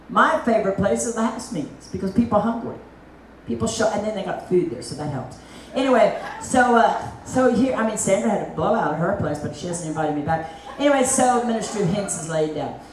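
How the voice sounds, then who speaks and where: Woman evangelist, fairly high voice, lively sermon, distant mic, echoey room. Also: slight background noise. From Africa. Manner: animated preaching, acts out voices of God and others. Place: meeting hall.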